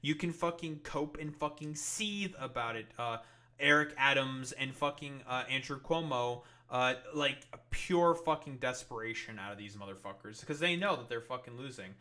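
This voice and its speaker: A man's voice: medium pitch, moderate pace, sharp tone. A man streaming political commentary, ranting angrily with heavy swearing and many fillers. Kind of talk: profane livestream commentary.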